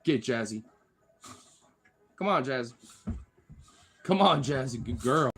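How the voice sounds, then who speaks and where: A man streaming live while playing with his pets, excitable, coaxing and teasing them and swearing a lot. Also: medium pitch, slow. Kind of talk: casual live-stream chat.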